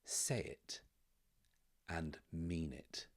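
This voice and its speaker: A man voicing a stern, commanding woman spymaster who speaks slowly and firmly in a hush. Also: very deep voice, big pitch swings, heavily acted. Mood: cold.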